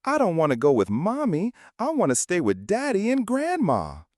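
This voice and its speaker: A man's voice: medium pitch, wildly swooping pitch, measured pace, a little mellow, no echo, studio quality. A man voicing a scared six-year-old boy who pleads through tears in a spoken story. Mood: crying. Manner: pleading, crying.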